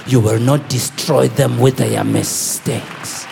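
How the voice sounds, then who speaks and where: A man voicing a gentle, patient male teacher, speaking slowly and earnestly. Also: medium pitch, steady tone, gravelly, faint music behind, pitched below the performer's own voice. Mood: tender. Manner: slow, hushed, earnest. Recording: long hall reverb.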